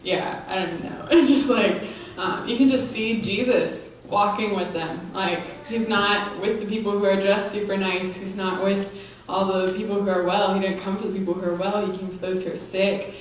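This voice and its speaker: A woman's voice: mid-range voice, fairly even intonation, a little hiss or hum. Woman giving heartfelt church testimony, says like a lot, echoey and far. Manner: heartfelt, halting, casual phrasing. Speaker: mission team member.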